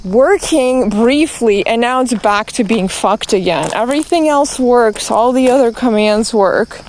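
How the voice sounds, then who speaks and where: Slow, exasperated, swearing woman streamer. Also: a little high, darkish tone, slight background noise. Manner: exasperated, profane, rambling with many restarts. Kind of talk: ranting to camera.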